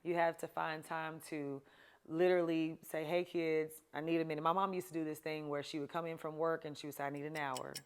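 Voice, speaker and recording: A woman's voice: low voice, little pitch movement, a little fast, clear, resonant tone. A woman hosting a talk show, giving chatty, emphatic advice to her viewers and laughing often. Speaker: show host. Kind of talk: casual advice talk to camera.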